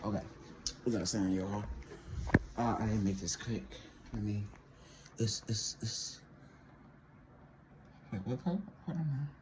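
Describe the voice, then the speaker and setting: Telling a storytime to viewers, a teenage vlogger rambles, stammers, and repeats himself in a casual monologue. He speaks in a lowish voice, unhurried and with long pauses, against a noisy background.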